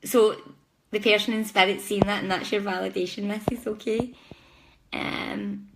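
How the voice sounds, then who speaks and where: A woman's voice: mid-range voice, steady tone, normal speed, background noise. A woman hosting a live-stream psychic reading, talking chattily and apologetically straight to her viewers. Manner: chatty, warm-hearted, apologetic, speaks directly to viewers. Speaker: psychic reader.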